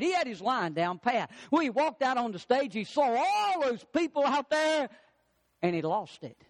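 Man, pastor, high voice, emphatic preaching, echo of a big hall. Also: very animated, normal speed. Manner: preaching with rising emphatic lines and acted-out quotes. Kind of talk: sermon.

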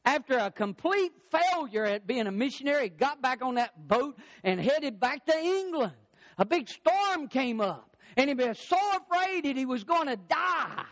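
An older man delivers a sermon from the pulpit with a strikingly high voice. His pitch swings widely as he drives points home in an emphatic, repetitive cadence. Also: sing-song, moderate pace, a bit bright. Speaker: pastor.

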